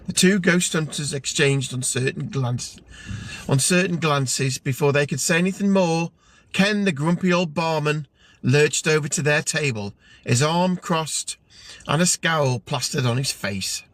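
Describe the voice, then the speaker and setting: A man's voice: fairly high pitch, unhurried, fairly bright tone, dry recording. A man narrating a comic story aloud in a dry storytelling manner.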